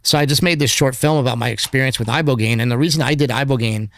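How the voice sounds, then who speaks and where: A documentary filmmaker appears as a podcast guest, chatting in a casual interview. His medium-pitched, slightly bright voice moves fast, and he talks candidly and ramblingly, packing in plenty of filler words.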